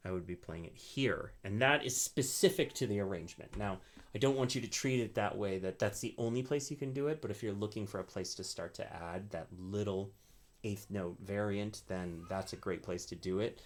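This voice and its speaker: A man teaching ukulele rhythm in a casual, explanatory way, often checking in with "right?" while strumming between phrases. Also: lowish voice. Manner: relaxed, explanatory, frequent "right?" check-ins. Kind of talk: casual instructional talk.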